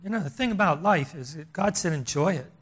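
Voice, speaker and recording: An older man preaching a sermon, emphatic and repetitive, swinging between loud stresses and hushed lines. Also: high voice, animated, quick pace, breathy edge.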